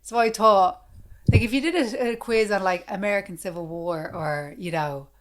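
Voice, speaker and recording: A woman's voice: medium pitch, moderate pace. A woman with an Irish accent, a comedian co-hosting a podcast, chatting in a rambling, self-deprecating way. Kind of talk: casual chat.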